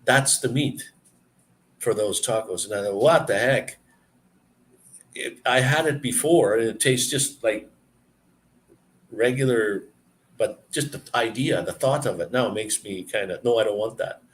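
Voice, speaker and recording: A man hosting a live stream, telling a story and answering viewer comments in a relaxed, chatty way. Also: mid-range voice, a little slow. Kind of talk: casual live-stream chat.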